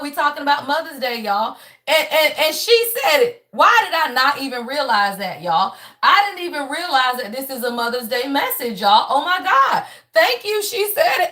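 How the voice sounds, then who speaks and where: A high-pitched woman gives a live tarot reading. She is blunt and profane, preaches at her viewers, and keeps coming back to "y'all" and "right?" as she talks. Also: a bit bright. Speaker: tarot reader. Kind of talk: live spiritual reading, casual chat.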